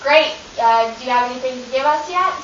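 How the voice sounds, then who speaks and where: A drama workshop teacher leads a children's rehearsal, upbeat and encouraging as she gives step-by-step instructions. Her voice is high and fairly bright, and she talks a little fast. The recording is distant, echoey, dull and lo-fi, with hiss.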